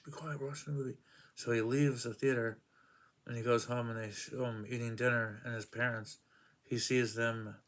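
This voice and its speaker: A man's voice: fairly low pitch, creaky. A man casually reviewing comic books, rambling through plot summaries with many fillers.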